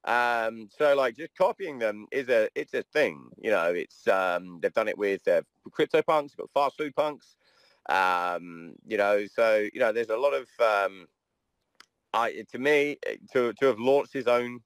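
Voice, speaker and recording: A man's voice: on the low side, dry recording. A man in casual podcast chat who speaks bluntly and swears freely.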